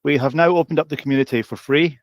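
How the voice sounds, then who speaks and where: A man's voice: a little high, fast, no room sound. A man co-hosting a casual update about a coaching community, upbeat and often turning to his co-host by name. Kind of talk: casual promotional chat.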